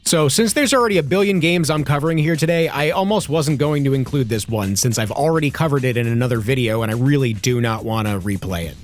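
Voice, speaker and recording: A young man narrates a game review in a scripted, sarcastic voice that sits a little high. He lands crude jokes with a dry edge. Faint music plays under him. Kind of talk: scripted commentary.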